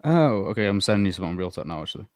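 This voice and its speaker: Quick, lively man. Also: on the low side, no echo. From England. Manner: teasing, quick interjections. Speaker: podcast co-host. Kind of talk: casual chat.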